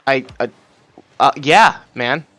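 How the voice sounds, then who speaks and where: A man's voice: medium pitch, expressive, slow pace, fairly bright tone, faint music behind. A man doing color commentary on an esports match, cracking puns and laughing often.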